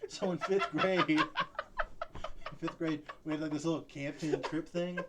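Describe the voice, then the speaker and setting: Young male podcast co-host, slightly high voice, rambling laughing storyteller. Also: fairly even intonation, moderate pace, heavy background noise. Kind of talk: casual chat.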